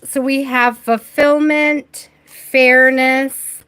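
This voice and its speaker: A tarot reader does a live-stream reading from her home reading space, chatty and giggly as she talks to her viewers and to spirit, all while she has the hiccups. Her voice sits high with little pitch movement and moves very slowly, with a sharp, clear, resonant tone.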